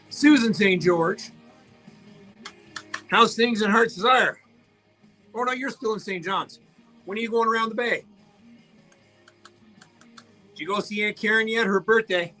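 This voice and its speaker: Man, high bright voice, cheeky casual banter, live stream host, faint music behind. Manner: joking, chatty, cheeky banter with commenters. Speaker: radio host reading viewer comments on a livestream.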